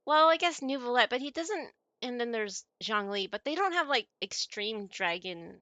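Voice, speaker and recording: Bright, giggly woman streamer. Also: a little high, animated, normal speed, no echo. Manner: giggly, chatty, answers chat messages. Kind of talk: casual chat with viewers while gaming.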